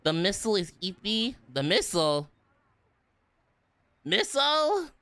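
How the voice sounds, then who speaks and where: A man's voice: sits high, very animated, measured pace, sharp tone, smooth, no echo. A man chatting casually on a stream, bubbly and playful, rambling and giggling as he talks from his room at home. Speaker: VTuber streamer.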